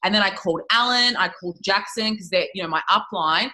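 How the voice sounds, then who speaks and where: Chatty woman guest, bright voice, says like a lot, swears easy. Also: medium pitch, a little fast, low-quality recording. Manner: chatty, swears freely, heavy use of "like". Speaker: interview guest, network marketing leader. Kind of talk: casual storytelling interview.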